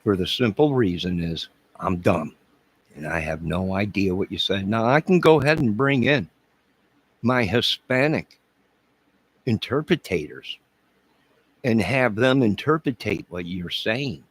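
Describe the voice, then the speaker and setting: A man's voice: fairly low pitch, lively intonation, a little slow, breathy edge, no echo, low-quality recording. A man hosting a YouTube live stream, answering viewer comments in a rambling, crude and mocking way. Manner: combative, crude, mocking and sarcastic.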